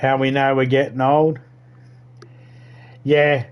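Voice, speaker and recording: A middle-aged man rambles through a story in casual chat as he plays a game. His talk is loose and profane, full of asides and restarts, at an ordinary mid pitch. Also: level tone, slow, smooth, muffled recording. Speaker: game streamer. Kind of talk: casual chat while gaming.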